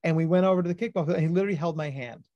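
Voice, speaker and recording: A man presenting an educational webinar as a clinical psychologist, talking with high energy. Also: racing, dark tone, no room sound, highs cut off.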